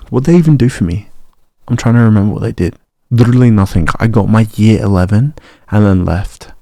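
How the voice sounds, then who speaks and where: Young man ranting, gravelly voice. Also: lowish voice, mellow, no echo, clean studio sound. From Australia. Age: young adult. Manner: heated, swearing, ranting. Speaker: vlogger. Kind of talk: ranting personal vlog.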